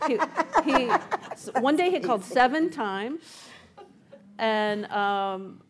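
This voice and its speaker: Woman telling a reporting story, animated. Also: a little high, takes it slowly, background noise. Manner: animated storyteller, acts out quoted voices, many fillers. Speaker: author and journalist, guest. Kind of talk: conversational storytelling interview.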